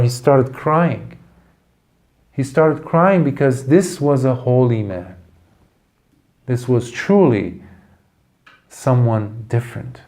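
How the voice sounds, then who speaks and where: Buddhist monk telling a teaching story, slow and low, kinda croaky. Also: male voice, dark tone. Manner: slow, deliberate storytelling with pauses. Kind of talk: dharma talk storytelling.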